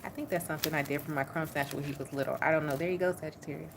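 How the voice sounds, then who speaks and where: A woman giving a casual tarot reading in an animated, slangy way, repeating points for emphasis. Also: low-pitched, rapid-fire, heavy background noise. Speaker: tarot reader.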